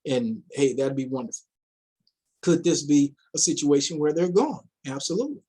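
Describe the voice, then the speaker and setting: Husky-voiced man asking rhetorical questions. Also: fairly high pitch, animated, moderate pace, mellow. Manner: rhetorical, repeats himself, mocks imagined investors in quoted voices. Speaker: investment vlogger. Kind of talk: casual commentary.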